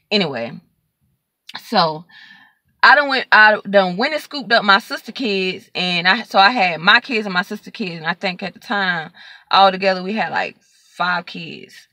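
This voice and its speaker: A woman's voice: medium pitch, pushed and bright, dry recording. A young woman, animatedly retelling a story in casual storytime style, acting out the dialogue and using lots of fillers. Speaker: vlogger telling a story.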